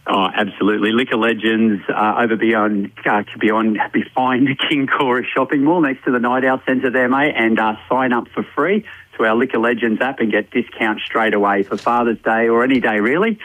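A man's voice: medium pitch, fairly even intonation, moderate pace, a bit bright, no echo, low-quality recording. An Australian man, a pub manager, chatting casually on a radio segment and plugging events with a loose, friendly patter. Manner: chatty, frequent "mate", loose promotional patter.

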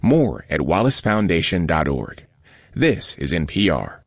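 A man's voice: low-pitched, big pitch swings, unhurried, creaky, slightly rough, no room sound, studio quality. A male radio announcer reading a sponsor credit in a polished way.

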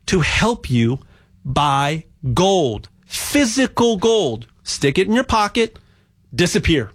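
A man talks in a loose, rambling way, tripping over repeated words as he promotes buying gold. His voice sits a little high for a man. He builds into animated rants about spending and debt. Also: takes it slowly, husky. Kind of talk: casual sales monologue.

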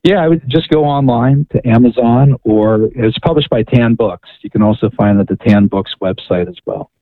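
A man's voice: medium pitch, normal speed, no room sound. A man, a guest author, telling a story on a radio interview, often repeating and restarting words. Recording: tinny phone line.

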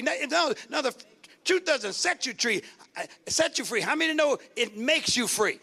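A man preaching to his congregation in a strikingly high, bright voice. He fires questions at the pews and climbs into shouted, repeated runs. It sounds like a full church service. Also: animated, moderate pace. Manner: call-and-response preaching, rising to shouts. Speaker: pastor. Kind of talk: sermon.

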